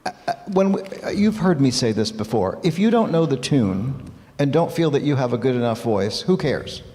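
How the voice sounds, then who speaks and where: A man leading church music, speaking in a middle-pitched voice with a long hall reverb around him. He talks animatedly and encouragingly in a dialogue sermon, demonstrating points as he goes. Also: very animated, moderate pace, warm tone. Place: church sanctuary.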